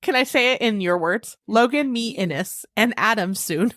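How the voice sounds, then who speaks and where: A woman podcast co-host telling playful stories in casual chat. Her pitch swings widely as she talks. She is recorded close and dry. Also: moderate pace, dry recording. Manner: animated, playful storytelling.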